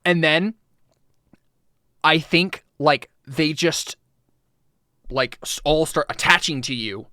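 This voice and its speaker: A man's voice: a little high, slow pace, long pauses, sharp tone, dry recording, clean studio sound. A man narrating a tabletop game as game master, chatty and full of fillers. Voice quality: chatty, laughing, filler-heavy.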